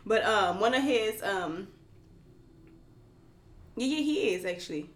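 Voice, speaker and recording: A woman's voice: medium pitch, animated, takes it slowly. A woman co-hosting a casual chat podcast, telling a story with many fillers and bursts of laughter. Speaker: podcast co-host.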